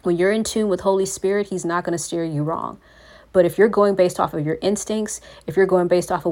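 A woman's voice: lowish voice, steady tone, moderate pace, a little mellow. A woman hosting a faith podcast, talking in an earnest, preachy way and calling her listeners "you all". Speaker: podcast host.

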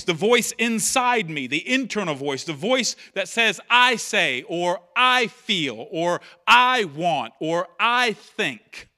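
Preaching a sermon in church, this pastor has a voice that sits high with a sharp tone. He talks conversationally, repeats key phrases and acts out quotes.

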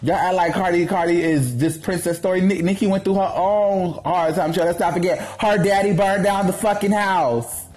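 A man ranting in a gossip commentary vlog, brash and profane, with a sassy, sharp-tongued delivery. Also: high-pitched, normal speed, few pauses, faint music behind.

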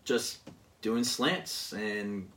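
A man chatting casually, rambling and pausing with many fillers as he recounts a season of a football video game. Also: fairly low pitch, fairly bright tone, far from the mic. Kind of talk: casual chat.

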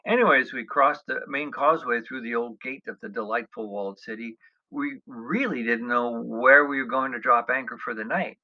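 A man's voice: medium pitch, normal speed. A middle-aged man telling a funny travel story about himself, wry and self-mocking, with chuckling asides. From United States. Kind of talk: humorous personal travel storytelling. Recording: dull lo-fi recording.

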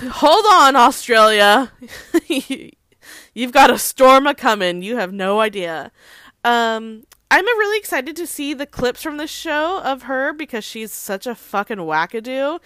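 A woman's voice: on the high side, fairly bright tone, no room sound, clean studio sound. A woman hosting casual celebrity gossip talk, chatty, leaning on "like" constantly, with swearing and laughing asides. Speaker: host.

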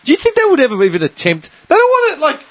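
A man's voice: extremely high pitch, racing. A man in casual podcast chat, telling stories and swearing freely. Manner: animated, swears freely, tells stories with put-on voices.

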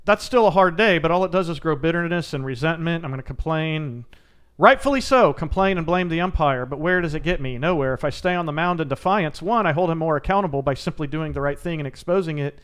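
A man's voice: on the high side, fast, fairly bright tone, clear, resonant tone. Emphatic man talking about toughness. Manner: earnest, emphatic and coaching. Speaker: guest, former Navy SEAL and mental coach. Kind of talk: interview answers, storytelling.

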